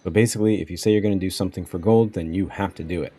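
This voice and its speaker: A man's voice: sits low, racing, mellow, breathy edge. A man reading game text aloud and adding loose, chatty asides about its lore.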